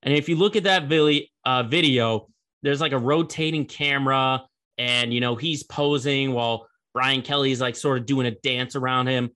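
Young guy riffing on college football news, casual and rambly, bright tense tone. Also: medium pitch, normal speed. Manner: chatty, rambling, laughs at the story. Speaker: sports show host. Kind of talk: casual sports commentary.

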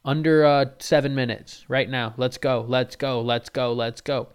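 A man's voice: a little high, fairly even intonation, brisk, creaky, a bit bright, clean tone, voice pushed up. A man voicing a hockey-obsessed middle-aged dad who barks crude commands at his son. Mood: yelling.

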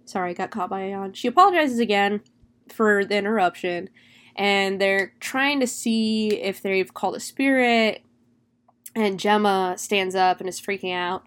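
A young woman casually recapping a horror film, chatty and animated, swearing freely. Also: mid-range voice, measured pace. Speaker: movie reviewer.

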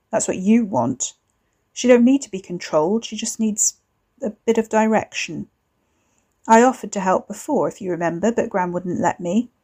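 A woman's voice: medium pitch, darkish tone, lightly acted. A woman voicing a cocky young man who mocks and taunts his cousin over the phone. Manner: smug, mocking, drawling.

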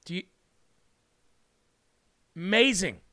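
High-voiced man preaching slowly, near tears. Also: animated, bright, forceful tone. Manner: fervent, slow and emphatic, repeats words for stress. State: tearful, moved. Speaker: livestream host. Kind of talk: impassioned livestream preaching.

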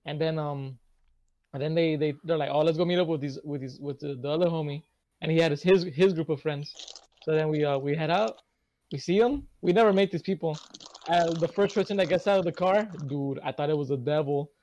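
A man's voice: a little high, brisk, darkish tone, lo-fi sound, a little hiss or hum. A young man co-hosting a casual podcast, telling rambling stories and swearing a lot. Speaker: podcast co-host.

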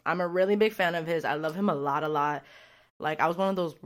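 A woman talks through a casual podcast monologue in a slightly low voice. She is candid and outspoken and rambles from thought to thought. She fills her sentences with "like" as she goes. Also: fast. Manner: candid, rambling, heavy use of "like"; blunt and outspoken. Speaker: podcast host.

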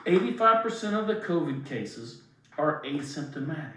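Guest, man, lively swooping story-teller, bright edge, off-mic room sound. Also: on the high side, normal speed, slight background noise. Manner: animated, emphatic, swears freely. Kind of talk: casual storytelling. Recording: roomy, distant mic.

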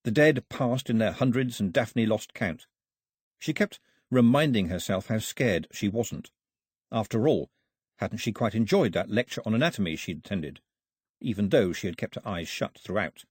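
Husky male audiobook narrator. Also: lowish voice, expressive, darkish tone, no echo, studio quality. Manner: measured storytelling. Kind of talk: scripted narration.

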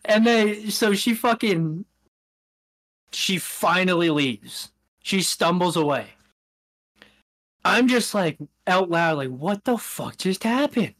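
A man's voice: high-pitched, animated, slow pace, long pauses, fairly bright tone. A man co-hosting a podcast, telling a rambling anecdote in casual chat, laughing often and acting out what people said. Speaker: podcast co-host.

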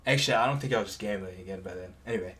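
A man's voice: lowish voice, rapid-fire, bright, forceful tone. A man in his twenties co-hosting a podcast in casual chat, rambling into tangents and laughing between stories. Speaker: podcast co-host.

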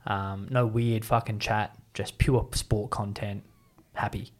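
A man's voice: on the low side, steady tone, slow. A man with an Australian accent co-hosting a casual podcast, joking in laid-back banter. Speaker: podcast co-host. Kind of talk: casual chat.

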